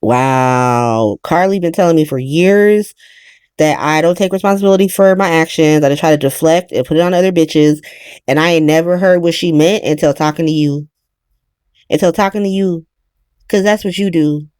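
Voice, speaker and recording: A woman's voice: deep voice, normal speed, a little mellow, clear, resonant tone, no room sound, studio quality, voice pushed down, natural voice. A woman doing a fed-up, cursing mother. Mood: bitter realization. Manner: profane, ranting, sarcastic. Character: exasperated middle-aged mother defending herself.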